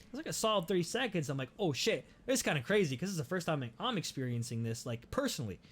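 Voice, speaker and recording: A young man hosting a podcast, telling a story in a casual, animated way, swearing often and restarting his sentences. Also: on the high side, fast. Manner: animated, profane, many restarts. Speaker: podcast host.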